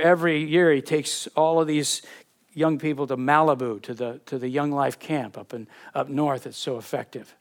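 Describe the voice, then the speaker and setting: In a medium-pitched voice, a pastor preaches with earnest warmth. His words come with repetitions as he hunts for what to say, and he moves between emphatic passages and hushed ones.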